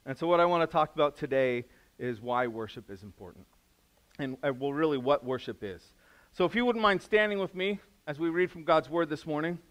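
A man's voice: a little high, lively intonation, fairly quick. A middle-aged man preaching a sermon as pastor, in a casual, conversational way. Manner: casual, conversational preaching with restarts and acted-out quotes; drops to a soft, quiet voice in prayer.

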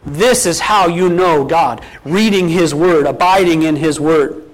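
A male pastor with a notably high-pitched voice delivers a sermon in a relaxed, conversational way. He keeps turning to the congregation with questions and weaves in spoken scripture quotes. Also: unhurried, rough recording. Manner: quotes scripture at an easy speaking pace.

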